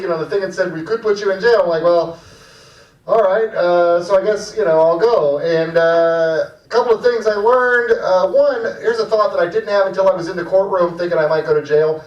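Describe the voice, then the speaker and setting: A man's voice: high-pitched, brisk, distant mic. A man hosting a comedy night, talking in a rambling, casual way with lots of fillers. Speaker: comedy show host. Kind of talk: stand-up set. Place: small cafe comedy room. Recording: dull, echoey room from afar.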